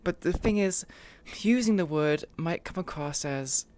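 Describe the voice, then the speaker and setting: Low-voiced woman streamer just chatting into her mic, swears a lot, laughs at herself. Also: animated, a little slow, a little mellow. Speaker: streamer hosting a roleplay show. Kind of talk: casual live-stream chat. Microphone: own streaming microphone.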